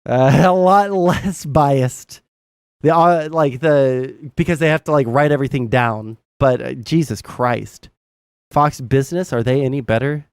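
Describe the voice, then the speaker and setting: A man's voice: medium pitch, fairly even intonation, moderate pace, clean tone, no room sound, studio quality. A man in his thirties giving rambling, offhand commentary on a live stream, often breaking off mid-thought. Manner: rambling, self-interrupting, offhand.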